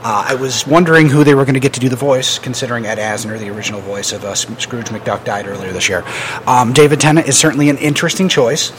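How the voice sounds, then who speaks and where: A man hosting a podcast runs through the news in a relaxed, rambling way, full of "uh" and "you know". His pitch sits in a middle range. There is a faint hiss of noise behind him. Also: fast. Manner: loose, joking news rundown with many fillers. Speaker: podcast host. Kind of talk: casual podcast chat.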